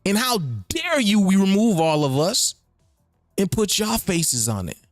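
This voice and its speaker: Animated high-voiced man, lively ramble. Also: measured pace, dry recording, studio quality, soft background music. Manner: animated, rambling, repeats phrases. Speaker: host. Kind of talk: freewheeling spoken commentary.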